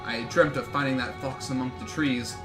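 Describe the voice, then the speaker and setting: A man's voice: medium pitch, steady tone, moderate pace. A man streaming a game, reading the story aloud with jokey, swearing asides. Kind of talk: reading a visual novel aloud on a live stream. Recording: game music behind voice.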